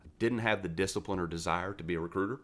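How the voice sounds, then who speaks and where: Retired Marine, forties, from West Virginia; very deep voice, salty casual storyteller. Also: male voice, racing. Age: 40s. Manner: profane, animated storyteller who acts out quoted dialogue. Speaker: podcast guest, retired Marine.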